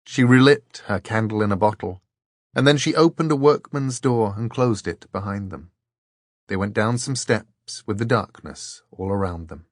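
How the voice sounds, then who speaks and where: A man narrating an audiobook in a measured, deliberate storytelling voice. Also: fairly low pitch, no room sound, studio quality. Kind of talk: scripted narration.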